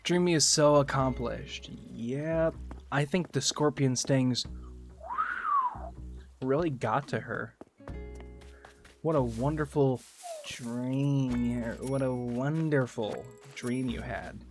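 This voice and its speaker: A man's voice: mid-range voice, slow pace, pauses often, soft background music. A man chatting casually on a gaming livestream, rambling, joking and swearing. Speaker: streamer.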